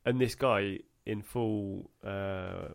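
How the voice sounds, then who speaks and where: Male podcast co-host, lowish voice, easygoing storyteller who laughs a lot. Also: steady tone, extremely slow, creaky. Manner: laughs often, tells stories with a punchline. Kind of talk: casual podcast banter, reading listener stories.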